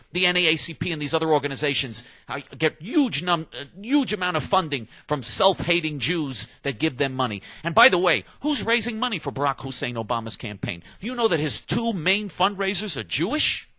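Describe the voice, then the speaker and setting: Man, angry combative commentator ranting solo, slightly high voice with a tense bright edge, dry close sound. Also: no room sound. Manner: angry, combative, emphatic with repeated restarts. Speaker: political commentator. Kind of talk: heated monologue rant.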